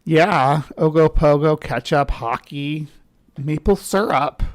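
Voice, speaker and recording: A woman's voice: deep voice, takes it slowly. A woman with a central US accent, chatting casually and rambling as a livestream host while she greets viewers. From central US, between the South and the upper Midwest. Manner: skeptic.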